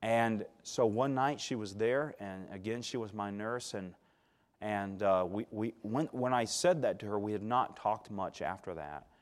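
A male preacher telling a personal story in a sermon, shifting between loud emphasis and hushed tones and calling for responses from the congregation. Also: on the low side, a little slow. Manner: calls for audience response.

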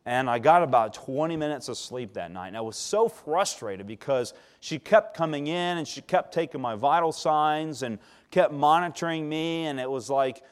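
A male preacher telling a personal story in a sermon, shifting between loud emphasis and hushed tones and calling for responses from the congregation. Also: fairly high pitch, expressive, moderate pace, hardly any pauses. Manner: calls for audience response.

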